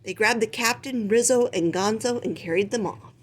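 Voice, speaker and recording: With a slightly high voice at a moderate pace, a woman brings a children's picture book to life, reading it aloud with lively, expressive storytelling.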